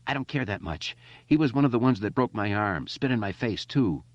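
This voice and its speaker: A man's voice: lowish voice, lively intonation, a little fast, no room sound, pitched above the performer's own voice, lightly acted. A man voicing a frail, anxious boy, reading in a slightly dull, lo-fi recording. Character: frail nervous boy, hardening.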